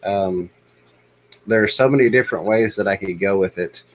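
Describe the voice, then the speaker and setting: A man hosting a casual fish-keeping livestream, talking in a relaxed, rambling way with many pauses and ums. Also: fairly low pitch, rough recording. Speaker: livestream host.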